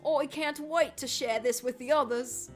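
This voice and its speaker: Casting: woman putting on a bright, eager young British-sounding baker, pitched a touch high. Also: normal speed, faint music behind, close to an everyday voice. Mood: excited. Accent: put-on British.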